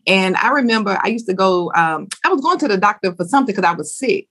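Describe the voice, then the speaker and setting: A woman guest on a podcast talks frankly and earnestly. Her way of speaking is casual and conversational, and her pitch sits in a middle range. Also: animated, fast talker, fairly bright tone, husky. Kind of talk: candid interview talk.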